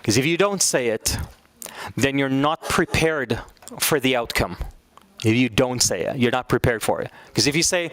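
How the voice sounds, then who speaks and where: A man teaching a class in a lively lecture, often putting questions to his students. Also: medium pitch, moderate pace. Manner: animated, asks the class questions.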